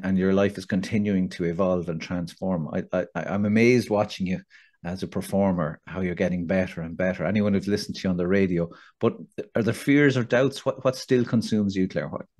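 A man's voice: deep voice, darkish tone. Chatty Irish man hosting a podcast. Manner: chatty, self-deprecating, many restarts. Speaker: podcast host. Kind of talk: casual interview chat.

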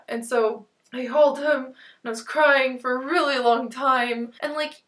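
A woman's voice: sits high, steady tone, a little slow, hardly any pauses, fairly bright tone. A young woman reviewing a book on her channel, talking in an emotional, rambling way and close to tears. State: near tears. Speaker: book vlogger.

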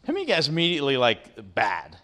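Middle-aged guy, guest speaker, chatty talk w/ lots of "right?", bright voice, mid pitch. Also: animated, normal speed. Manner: conversational, quizzes the audience, keeps tagging "right?". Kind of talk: motivational talk to students. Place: university lecture room.

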